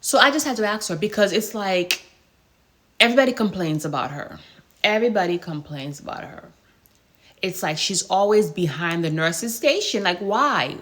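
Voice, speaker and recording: A woman hospice nurse telling a work story in a casual vlog, in an animated, exasperated way with many rhetorical questions. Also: medium pitch, normal speed.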